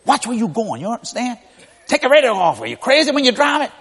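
Man putting on a scolding mother, stern, lively pitch, quick questions. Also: husky, big-room sound, full character voice. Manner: scolding, rapid-fire questions.

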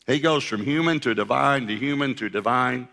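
Male pastor, mid-pitched, lively humorous preacher, long hall reverb. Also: normal speed, vocal fry. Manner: animated storyteller acting out scripture voices with humor. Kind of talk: sermon.

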